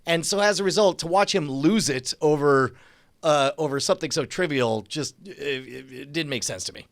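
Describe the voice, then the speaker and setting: A man's voice: fairly high pitch, normal speed. A man co-hosting a podcast, talking casually and animatedly about TV shows. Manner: animated storyteller, laughs often. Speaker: podcast co-host. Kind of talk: casual chat about TV episodes.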